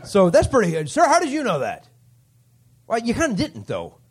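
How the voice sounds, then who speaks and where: Comedy host, man, high bright voice with big swings, sarcastic crowd-work patter on a club stage. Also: huge pitch swings, slightly rough. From Canada. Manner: teasing, sarcastic, quick to riff.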